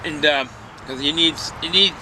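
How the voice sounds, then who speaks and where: A man's voice: fairly high pitch, normal speed, bright, forceful tone, a little hiss or hum, rough recording. An older man chatting casually as a beer reviewer, rambling with many fillers and restarts. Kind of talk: casual chat.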